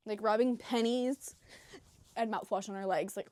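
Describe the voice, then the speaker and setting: A young woman vlogger in a rambling casual chat, swearing freely and breaking into squeaky acted quotes. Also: fairly even intonation, normal speed, darkish tone, no echo, studio quality.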